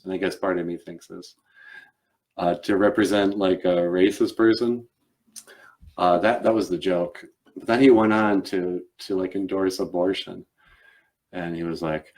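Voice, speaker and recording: A man chats casually on a live stream, rambling with many fillers and restarts. His voice is very low and deep. He comes across as a relaxed, talkative host. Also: normal speed, pauses often. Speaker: show host and puppeteer.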